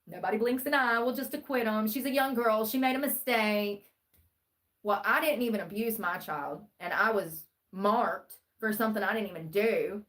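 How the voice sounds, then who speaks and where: A woman's voice: medium pitch, normal speed, fairly bright tone. A woman livestreaming true-crime commentary, rambling and sarcastic as she reads the news aloud. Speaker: live streamer.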